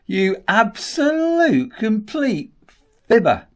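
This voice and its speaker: Teasing Northern English man, lively pitch. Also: slow pace. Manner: teasing, jokey, laughs often. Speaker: vlogger. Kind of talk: casual banter.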